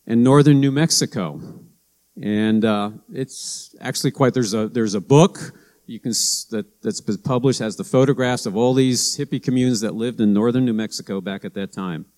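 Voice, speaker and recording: A man's voice: medium pitch, darkish tone. A middle-aged man, a pastor, preaching a sermon in a conversational way, telling stories and acting out quotes. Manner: conversational storytelling, with anecdotes and acted-out quotes.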